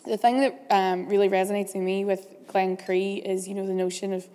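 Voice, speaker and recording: Young woman moderator, flat and mellow delivery, long hall reverb. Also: medium pitch, a little fast. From Derry, Northern Ireland. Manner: relaxed, with frequent ums. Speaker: panel moderator. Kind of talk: panel discussion.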